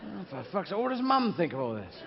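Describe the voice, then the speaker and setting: A man's voice: high voice, huge pitch swings, quick pace, vocal fry, dull audio, heavily acted. A male comedian playing Jesus as a whiny, complaining young son, recorded live in a reverberant hall with crowd noise.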